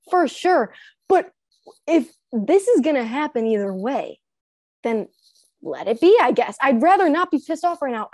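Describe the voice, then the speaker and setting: A woman's voice: sits high, darkish tone, no echo. A young woman in casual podcast chat, telling a laughing, easygoing story.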